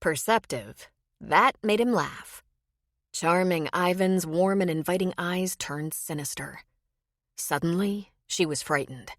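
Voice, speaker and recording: A woman narrating a romance audiobook in measured scripted storytelling. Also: on the low side, no room sound, clean studio sound.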